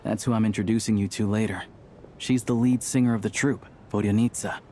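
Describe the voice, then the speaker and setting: A man's voice: lowish voice, steady tone, a little fast, mellow, soft background music, lightly acted. An actor playing a friendly young male theater worker in a video game, easygoing and persuasive.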